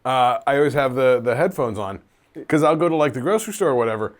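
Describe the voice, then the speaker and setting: Chatty man who clears his throat often. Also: medium pitch, lively intonation, quick pace. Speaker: podcast co-host. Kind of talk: casual chat.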